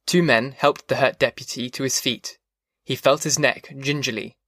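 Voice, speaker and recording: A male narrator reads the novel in a measured, even way. His voice is bright and forward, and the close studio sound is completely dry. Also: medium pitch, no room sound. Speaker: audiobook narrator. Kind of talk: scripted audiobook narration.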